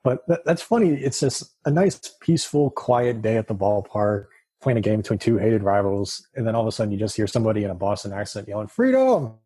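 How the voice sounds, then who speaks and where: A relaxed, joking male co-host in a casual sports chat, with a very husky, raspy voice. The tone is dark and mellow, and the recording is dry. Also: fairly low pitch, quick pace, dry recording. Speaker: podcast co-host.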